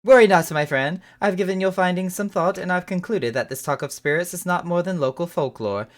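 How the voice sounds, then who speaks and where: A woman's voice: fairly low pitch, a little fast, pitched above the performer's own voice, close to an everyday voice. A woman voicing a fussy, bookish young woman scholar with a put-on accent who rambles at length. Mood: prim. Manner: prim, wordy, rambling.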